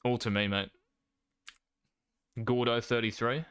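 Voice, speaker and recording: A brash, confident young man coaches someone through gameplay in casual commentary, swearing freely. His medium-pitched voice is bright, forceful, crisp and smooth, delivered flatly at an unhurried pace. The recording is dry and close, with no room sound around it.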